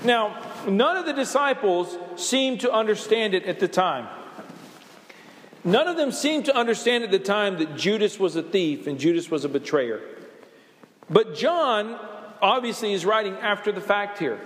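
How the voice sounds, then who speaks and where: A man preaching a sermon with passion, now and then acting out the voices he quotes. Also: high-pitched. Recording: echoey hall reverb.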